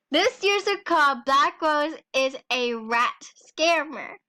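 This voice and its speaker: A woman's voice: sits high, bright, forceful tone. A teenage girl ranting angrily in a vlog, swearing and breaking into nervous laughs. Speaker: vlogger. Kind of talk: angry rant vlog.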